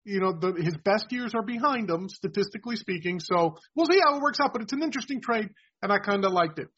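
Male podcast host, high husky voice, explanatory, casual sports chat, dull lo-fi recording. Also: lively intonation, fast talker, a bit bright. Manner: explanatory, keeps adding "right?".

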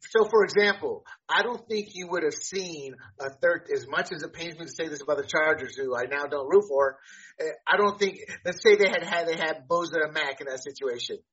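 A man with a bright, husky voice trades opinions on a casual sports podcast. He is animated and emphatic and often restarts with repeated words. The sound is dull and lo-fi. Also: on the high side. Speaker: podcast co-host.

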